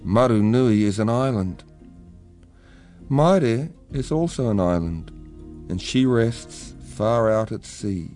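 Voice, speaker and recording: A man's voice: fairly low pitch, expressive, takes it slowly, warm tone, soft background music. A man telling a legend aloud in a dramatic storybook reading. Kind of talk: storybook narration.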